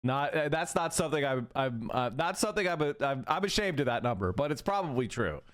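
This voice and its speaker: Guy hosting a stream, super animated, voice jumping all over, keeps cutting himself off. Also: on the high side, brisk. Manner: animated, laughing, self-interrupting. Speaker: livestream host reacting to a clip. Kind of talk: casual livestream commentary.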